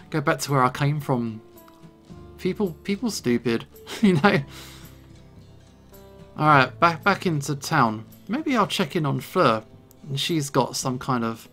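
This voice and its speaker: A man's voice: medium pitch, fairly bright tone. A man hosting a let's play, commenting in a playful, jokey way and reading game dialogue. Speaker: gaming channel host.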